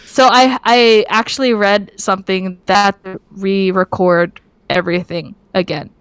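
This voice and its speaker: A woman's voice: mid-range voice, fairly even intonation, measured pace, fairly bright tone, clean tone, dry recording. A woman reviewing a movie in casual chat, talking with many fillers and restarts. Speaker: podcast co-host.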